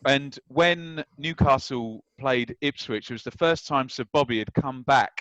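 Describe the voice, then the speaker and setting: A man in his thirties, a guest telling anecdotes in an animated way and acting out the lines of the people in them. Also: mid-range voice, measured pace, no echo, dull audio. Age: 30s. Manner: animated, acts out quoted lines. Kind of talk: anecdotal storytelling.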